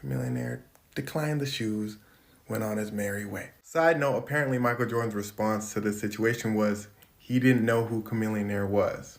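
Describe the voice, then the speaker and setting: A storyteller retelling a celebrity anecdote casually, swinging between hushed whispers and loud bursts. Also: medium pitch, steady tone, normal speed.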